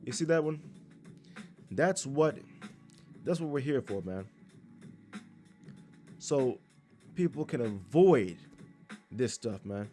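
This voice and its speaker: A man's voice: mid-range voice, animated, slow pace, pauses often, dark tone, faint music behind. A man preaching in a blunt, crude, scolding way, reading scripture aloud and commenting on it. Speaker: street preacher.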